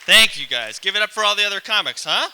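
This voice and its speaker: A man's voice: sits high, lively intonation, quick pace, bright, forceful tone, a little hiss or hum. A man doing a rambling, self-deprecating stand-up set on a theater stage, full of fillers. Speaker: stand-up comic.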